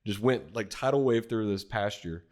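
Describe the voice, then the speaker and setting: A man's voice: on the low side, normal speed, darkish tone. A man co-hosting a casual podcast, telling rambling work anecdotes and acting out what other people said. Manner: rambling anecdotes, acts out quoted voices, laughs readily. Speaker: podcast co-host, former frac field worker. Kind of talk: casual storytelling chat.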